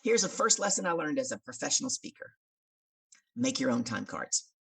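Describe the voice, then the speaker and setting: Very low, gravelly woman telling stories. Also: moderate pace, recorded from a distance. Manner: animated, acting out the voices of people in her stories. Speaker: podcast guest, coach and speaker. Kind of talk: storytelling in an interview.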